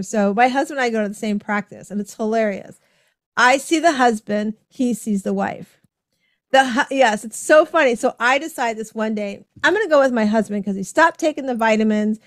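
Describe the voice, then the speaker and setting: A woman hosting a podcast conversation, animated as she tells stories and acts out the people she quotes. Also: a little high, no echo, studio quality. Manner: animated storytelling, acting out quoted dialogue with laughs. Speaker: podcast host. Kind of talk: casual conversation.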